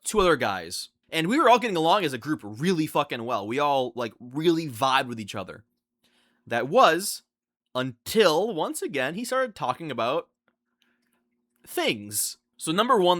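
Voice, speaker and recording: A young man telling a storytime vlog in an animated, incredulous way, often restarting his sentences. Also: on the high side, no echo, studio quality. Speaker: vlogger.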